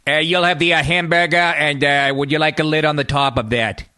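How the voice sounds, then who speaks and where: A man putting on a male fast-food worker who talks in an overdone Kennedy-style Boston accent, loud and hesitant. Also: on the high side, steady tone, clean tone, voice pushed up. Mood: mock-polite. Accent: exaggerated Boston.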